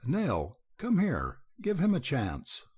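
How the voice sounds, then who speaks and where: A man voicing a gruff, hearty older rancher in an audiobook reading. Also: on the high side, huge pitch swings, slow pace, darkish tone, voice pushed up, heavily acted.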